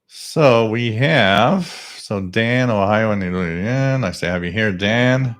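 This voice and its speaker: Lowish voiced guy ranting on his live stream, gets loud and emphatic. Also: slow pace. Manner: ranting, emphatic, rises to near shouting. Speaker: host of a live shortwave radio stream. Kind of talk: live-stream talk and rant.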